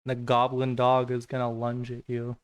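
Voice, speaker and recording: A man acts as game master for a tabletop game, narrating what the enemies do and asking for rolls in a plain, matter-of-fact way. His voice sits at a middle pitch. The recording is dry, with no room sound. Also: monotone, normal speed, clean tone, no room sound, dull audio.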